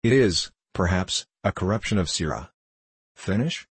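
A man narrating an audiobook novel in a measured, even reading. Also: sits low, husky, dry recording. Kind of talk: scripted narration.

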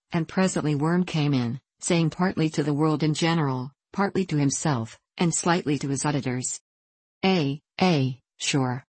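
A woman reads a classic novel aloud in a measured, steady pace. Her voice is low and the recording is dry and close, with no room sound. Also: breathy edge, dry recording, poor audio. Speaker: audiobook narrator. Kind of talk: scripted narration.

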